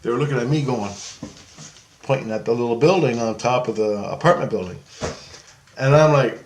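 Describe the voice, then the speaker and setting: A man's voice: medium pitch, normal speed, pauses often, echoey room, a little hiss or hum. A man telling a story in a casual, rambling way. He swears, laughs often and acts out the voices of the people in it. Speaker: storyteller recounting an astral travel experience.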